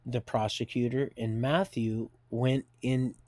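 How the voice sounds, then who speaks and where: A man's voice: mid-range voice, fairly even intonation, slow pace, a little mellow, no room sound. Middle-aged guy streaming from home, folksy and rambly, keeps restarting his sentences, plain mid voice, dry close sound. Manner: digressive, folksy, many restarts and asides. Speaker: live streamer telling his life story. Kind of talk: rambling personal storytelling. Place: home, with a door and heater nearby.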